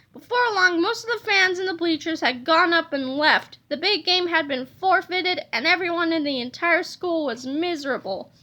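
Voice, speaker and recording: A woman reading a children's storybook aloud in a lively, playful way, adding sound effects. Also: extremely high pitch, moderate pace, hardly any pauses. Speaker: reader of a children's book.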